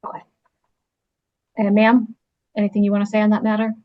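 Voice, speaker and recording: A woman's voice: mid-range voice, monotone, fairly quick, muffled recording. A woman judge speaking firmly and in a businesslike way at a court hearing, with frequent fillers. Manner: firm, businesslike, hesitant fillers.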